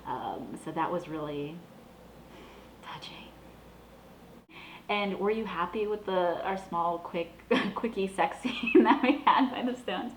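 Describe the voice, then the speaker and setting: A woman's voice: lowish voice, takes it slowly, long pauses, roomy sound, a little hiss or hum, poor audio. A young adult woman from the Boston area hosting her own show, talking in a chatty, gushing way. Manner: chatty, gushing, animated with laughs. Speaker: vlog host. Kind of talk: casual chat.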